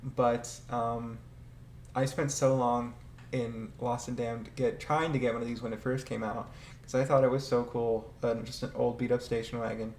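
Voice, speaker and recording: A man's voice: medium pitch, flat delivery, normal speed, darkish tone. Man, casual rambling commentary, hesitant, swears, roomy echo, faint background noise. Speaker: video creator ranking game vehicles. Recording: echoey room with faint ambient noise.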